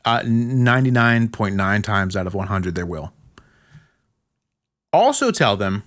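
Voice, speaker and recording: A male podcast host talking casually, laying out firm instructions one short sentence at a time. His pitch sits in a middle range but swings widely as he stresses key points. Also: big pitch swings, moderate pace, fairly bright tone. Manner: emphatic, gives blunt step-by-step instructions. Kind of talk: casual advice monologue.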